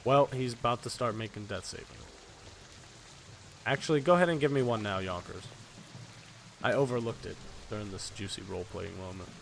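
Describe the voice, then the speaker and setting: A man narrating as game master of a tabletop role-playing game in a relaxed, conversational way. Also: lowish voice, fairly quick, vocal fry, long pauses, slight background noise.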